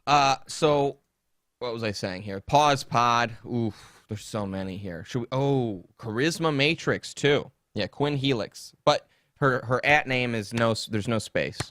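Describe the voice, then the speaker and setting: Studio-quality sound with no room echo carries a man's fairly bright, mid-range voice, delivered a little slowly. He hosts a podcast from a desktop streaming mic, keeping the talk loose, jokey, rambling and full of mockery.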